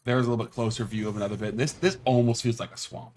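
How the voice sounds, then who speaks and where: A man's voice: medium pitch, racing, a little mellow, a little hiss or hum. A man on a gaming stream, chatting casually and rambling through descriptions with lots of fillers. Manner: rambling, describes things at length with many fillers. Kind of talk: casual livestream chat.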